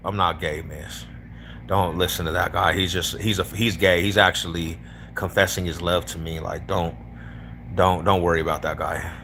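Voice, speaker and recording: A man from East Denver, Colorado, talks with a Denver accent in a low, forceful, bright voice that barely moves in pitch, at a normal speed. He's a livestreamer chatting casually with strangers, slangy and laid-back, calling people homie, bro and fool. There's a little hiss or hum.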